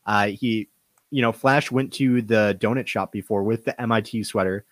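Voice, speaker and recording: A man casually discussing a movie, often halting and repeating words as he talks. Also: fairly low pitch, fairly even intonation, no room sound. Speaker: podcast co-host.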